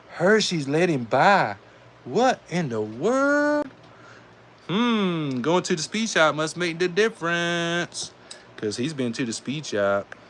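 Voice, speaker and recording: A man with a Southern US accent calling live die-cast car races, excitable and saying y'all, reading out times as each heat ends. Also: fairly high pitch, slight background noise. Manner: excitable, calls out race times, says y'all. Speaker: die-cast race host and commentator. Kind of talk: live race commentary.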